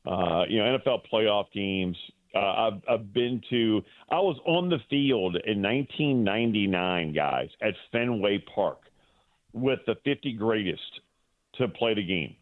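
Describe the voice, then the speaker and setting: A man's voice: fairly low pitch, lively intonation, a little slow, no room sound. A man calling in as a sports broadcaster guest, telling an emotional story in a rambling way with many restarts. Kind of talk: casual radio interview. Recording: dry tinny phone line.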